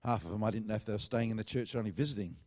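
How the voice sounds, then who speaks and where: A man's voice: lowish voice, very fast, darkish tone. A middle-aged man, preaching a sermon as a pastor and telling a story with lots of quoted dialogue. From Australia.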